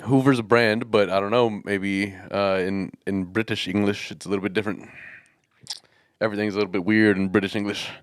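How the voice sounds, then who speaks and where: A man's voice: on the low side, fairly even intonation, fairly quick, dry recording, studio quality. A man co-hosting a casual podcast, guessing loosely at slang and rambling with plenty of fillers and laughs. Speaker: podcast co-host. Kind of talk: casual chat.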